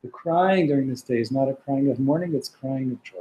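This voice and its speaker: A man's voice: medium pitch, fairly quick, dark tone, roomy sound, rough recording. A man teaching a text study class, reading Hebrew passages aloud and explaining them with frequent restarts. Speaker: Torah teacher.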